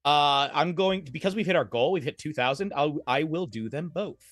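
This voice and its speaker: A man's voice: on the high side, moderate pace, no room sound, faint music behind. A man narrating as game master of a streamed tabletop game, rambling and correcting himself as he goes. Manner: animated, rambling, self-correcting.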